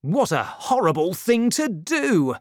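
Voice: mid-range voice, wildly swooping pitch, takes it slowly, fairly bright tone, no echo, clean studio sound, pitched above the performer's own voice, heavily acted. A reader voicing an outspoken male musketeer in a storybook, indignant and protesting. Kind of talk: storybook reading.

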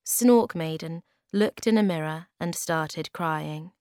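Slow, careful woman storyteller. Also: low-pitched, a little mellow, smooth, dry recording, studio quality. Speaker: narrator. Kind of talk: graded reader audiobook narration.

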